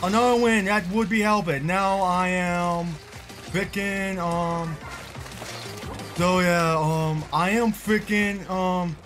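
Man gamer, high voice, slow rambling, cursing and raging, game music behind. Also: fairly even intonation. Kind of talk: live gameplay commentary.

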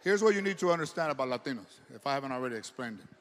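A man doing stand-up comedy, loud and profane, with Spanish words mixed into his jokes. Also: mid-range voice, animated, rapid-fire. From United States. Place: large comedy venue. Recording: live show with crowd noise.

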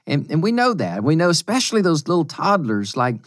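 A man's voice: fairly high pitch, very animated, fairly quick, no echo. Man, pastor, podcast co-host, earnest, emotional, dry studio sound. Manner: earnest, emotional, laughs often, reads aloud with feeling. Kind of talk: casual chat.

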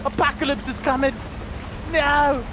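A man with a hoarse voice giving jumpy, swearing let's play commentary, yelling and laughing as he reacts to a horror game. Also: extremely high pitch, flat delivery, a little slow, over music. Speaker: gaming video host. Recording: game sounds under the voice.

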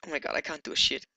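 A man's voice: very high voice, sharp tone. A man from Denmark, doing let's play commentary, swearing, laughing and exclaiming a lot. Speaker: gamer.

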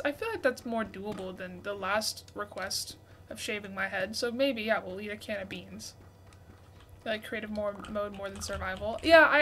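Slight background noise sits under this livestream host's medium-pitched voice. She's a woman in her twenties running a casual gaming stream, reading viewer messages aloud and gushing her thanks to gifters.

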